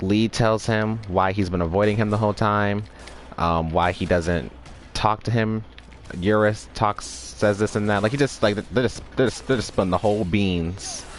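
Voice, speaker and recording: A man's voice: fairly low pitch, a little hiss or hum. A man casually recapping a story, rambling with restarts and acting out the characters' lines.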